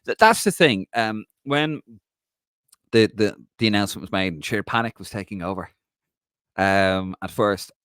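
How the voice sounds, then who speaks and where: Deep-voiced man hosting a chatty live stream. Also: normal speed, a bit bright, clean tone, no echo, clean studio sound. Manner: chatty, rambling, reads out viewer comments. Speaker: podcast host. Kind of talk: casual solo live stream chat.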